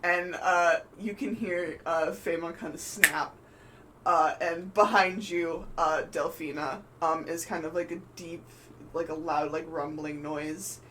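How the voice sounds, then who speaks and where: A man's voice: fairly high pitch, fairly even intonation, a little slow, pushed and bright, slight background noise, rough recording. A man narrating as game master, rambling with many fillers. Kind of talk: narrating a tabletop game on a live stream.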